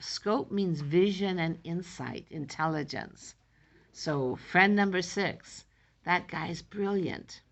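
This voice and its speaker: Gravelly-voiced woman teaching poetry. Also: on the low side, slow. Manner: explains line by line, paraphrasing in plain everyday speech. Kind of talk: classroom lesson explaining poetry.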